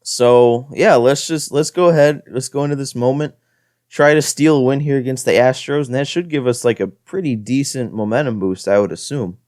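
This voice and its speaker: Man doing smooth, dry game commentary. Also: mid-range voice, moderate pace, darkish tone, dry recording. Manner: frustrated, self-deprecating play-by-play. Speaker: gaming channel host. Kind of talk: gameplay commentary.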